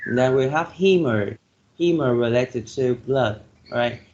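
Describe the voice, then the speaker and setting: A man's voice: medium pitch, darkish tone, lo-fi sound, slight background noise. A male English teacher with a Vietnamese accent, giving an online class lecture and checking in with "okay" and "right?" after nearly every phrase. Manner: slow, repeats "okay" and "right?" to check understanding.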